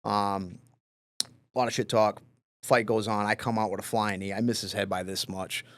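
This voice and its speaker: A man, a professional fighter, telling stories in a loose, casual podcast interview, swearing freely and filling pauses with fillers. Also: lowish voice, dry recording. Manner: relaxed, loose and profane, lots of fillers.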